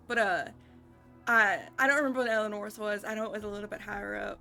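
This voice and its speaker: Bright-voiced woman chatting while gaming. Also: medium pitch, fairly even intonation, quick pace, creaky, soft background music. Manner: rambling, with many fillers. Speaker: streamer. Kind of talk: casual gameplay chat.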